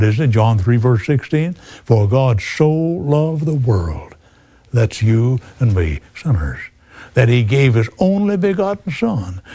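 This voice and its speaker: An elderly man in his eighties delivers a slow, earnest sermon straight to the listener. His voice is mellow and a little husky, and the recording sounds dry and close. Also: medium pitch, dry recording. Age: 80s. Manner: slow, earnest preaching, addressing the listener as friend. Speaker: preacher.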